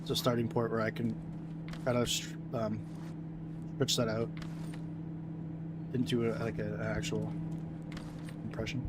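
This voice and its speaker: A man's voice: fairly low pitch, level tone, a little slow, pauses often. Rambling man chatting over gameplay. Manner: rambling, filler-heavy, talks to chat. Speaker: streamer playing a game. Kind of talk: casual gameplay commentary. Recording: noisy background.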